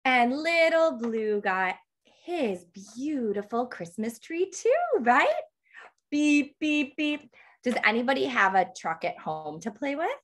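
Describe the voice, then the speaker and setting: A woman reading a picture book aloud to toddlers, animated and sing-song, gasping with excitement and asking the children questions. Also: a little high, a little slow. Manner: asks the children questions throughout. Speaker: toddler book club reader.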